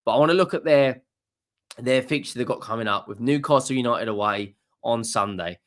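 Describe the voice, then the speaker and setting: Young man, football reaction, excited, repeats himself, mid-pitched voice. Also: a little fast. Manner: enthusiastic, repeats words, restarts often. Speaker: football channel host. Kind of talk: casual match reaction.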